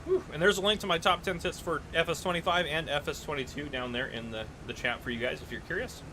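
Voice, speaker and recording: A man's voice: fairly high pitch, fast talker, noisy background. A man chatting casually on a live gaming stream, telling stories, reading chat aloud and laughing often.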